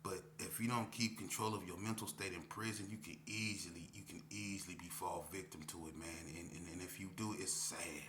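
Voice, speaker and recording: Slangy man telling a story, bright tone. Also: low voice, steady tone, fairly quick, few pauses, a little hiss or hum. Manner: slangy and candid, repeats himself, acts out dialogue. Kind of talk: casual spoken storytelling.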